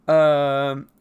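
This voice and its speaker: An artist streamer chatting casually with viewers while drawing late at night, rambling, laughing often and deliberately keeping the voice pitched above its natural level. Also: vocal fry, a little mellow, clean tone. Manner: consciously holds voice higher than natural. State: up late, nearly four in the morning. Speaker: artist streamer answering chat questions.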